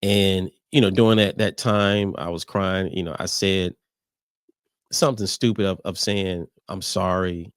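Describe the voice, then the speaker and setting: A middle-aged man with a very low voice talks through a personal, reflective leadership message, often stopping and restarting his phrases. The sound is close and dry, with no room echo. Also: steady tone. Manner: halting, personal, with many restarts and fillers. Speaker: podcast host. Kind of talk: reflective faith-based leadership talk.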